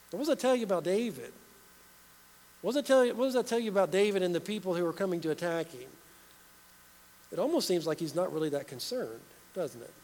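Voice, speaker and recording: A man with a high voice preaches a sermon in earnest. He asks his listeners questions and keeps repeating key phrases. His voice trails into a long hall reverb.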